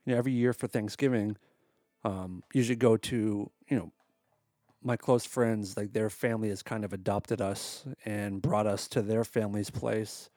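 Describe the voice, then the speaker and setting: In a clean studio recording with no room sound, a married man rants through a casual comedy-podcast monologue, sarcastic, exasperated and profane. He speaks at a moderate pace in a lowish, darkish voice with fairly even intonation.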